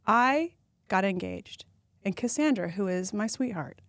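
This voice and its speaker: Animated woman telling funny stories. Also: a little slow, dry recording, studio quality. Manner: animated storyteller who acts out quotes in a high voice. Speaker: podcast guest. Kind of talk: casual storytelling chat.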